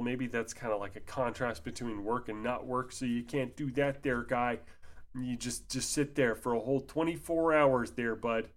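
A sleepy man reading old religious rules aloud and breaking in with sarcastic, mocking asides. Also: medium pitch. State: sleepy, yawning. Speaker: commentator.

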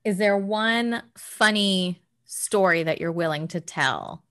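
Brief: mid-pitched woman host, gushing and giggly, casual chat. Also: slow, fairly bright tone. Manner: giggly, effusive, frequent laughter. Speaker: podcast host, museum staff.

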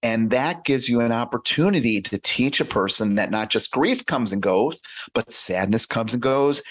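A man's voice: medium pitch, animated, moderate pace, no room sound. Earnest man on a dry close mic. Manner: earnest, explains by acting out little dialogues. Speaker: podcast guest. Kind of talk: conversational advice talk.

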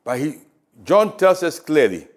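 A man with a Ghanaian English accent preaching a sermon, with rising emphasis and quiet drops. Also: fairly high pitch, very animated, unhurried. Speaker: pastor. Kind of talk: radio sermon. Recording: radio broadcast.

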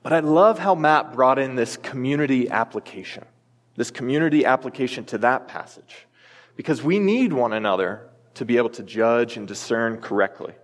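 Preaching in a church sanctuary, an American pastor in his thirties makes his point through a family story, delivered with earnest emphasis. He has a mid-range voice at a normal speed, with a church hall's long reverb.

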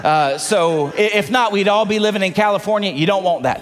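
High-voiced male pastor preaching in a hall. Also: animated, normal speed, music in the background. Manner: playful asides, repeats words when building a point. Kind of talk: sermon. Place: church sanctuary.

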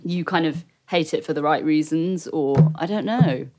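A woman's voice: low voice, moderate pace, noisy background. A woman co-hosting a casual book podcast, thoughtful and wry, often trailing off mid-thought. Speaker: podcast co-host. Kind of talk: casual book club chat.

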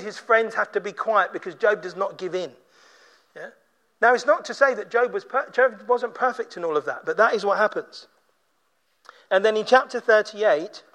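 A man's voice: high-pitched, fairly bright tone. A man preaching a sermon in a conversational way, briefly acting out the people he quotes. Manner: conversational, acts out quoted voices. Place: church.

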